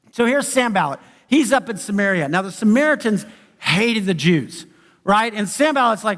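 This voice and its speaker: A man's voice: high voice, sing-song, normal speed, fairly bright tone. A man preaching a conversational sermon as pastor, who acts out the voices of the people he quotes. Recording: church sanctuary with long reverb.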